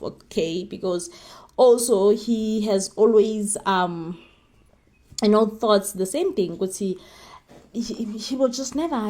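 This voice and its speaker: A woman's voice: medium pitch, a little mellow. A young woman talks casually to her viewers in a mid-range voice. She rambles through a soap recap, stacking fillers and repeating words as she goes. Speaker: soap opera recap vlogger.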